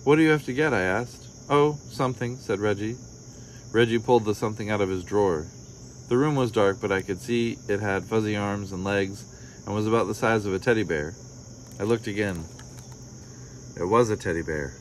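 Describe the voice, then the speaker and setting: A man with a lowish voice reads a children's story aloud in a gentle, unhurried way. He nudges his voice higher and brighter for the children's questions and replies. Faint crickets chirp behind him. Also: slight background noise. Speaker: storybook reader. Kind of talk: reading a picture book aloud.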